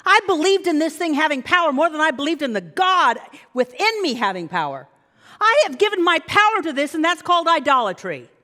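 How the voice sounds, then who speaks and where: A woman minister giving a sermon, animated and coaxing her congregation to repeat lines after her. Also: high voice, fairly quick. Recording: long hall reverb.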